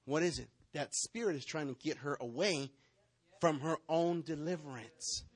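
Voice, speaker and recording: A male pastor preaching a sermon in an animated way, stepping into role-play to act out members of his congregation. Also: on the high side, moderate pace, husky, dry recording.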